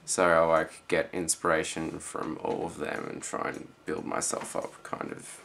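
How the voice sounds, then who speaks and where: A teenage boy with an Australian accent, rambling casually in a vlog reply with lots of fillers and quiet trailing-off phrases. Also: very deep voice, monotone, unhurried, creaky, a little hiss or hum. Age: teens. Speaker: student vlogger.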